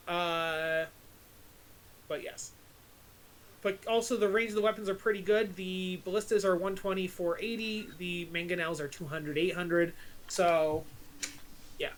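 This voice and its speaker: A woman as dungeon master, explaining rules with lots of fillers and quick laughs. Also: fairly low pitch, slight background noise. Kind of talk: running a tabletop game on stream.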